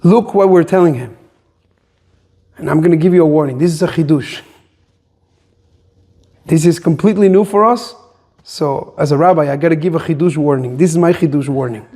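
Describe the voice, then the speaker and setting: Impassioned high-voiced rabbi preaching. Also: male voice, moderate pace, long pauses, dark tone. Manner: impassioned, rhetorical questions, mixes Hebrew terms. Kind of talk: sermon.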